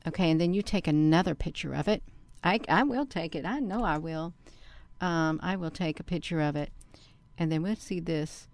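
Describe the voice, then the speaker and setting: Smooth-voiced woman narrating her screen. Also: low voice, normal speed. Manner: excitable, bursts into loud exclamations; talks to herself by name and to viewers. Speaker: channel host. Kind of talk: casual screen-share commentary.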